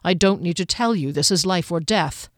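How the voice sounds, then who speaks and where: A woman's voice: lowish voice, normal speed, no room sound, clean studio sound, lightly acted. A woman narrator voicing a stern, earnest male knight who speaks formally and reprovingly.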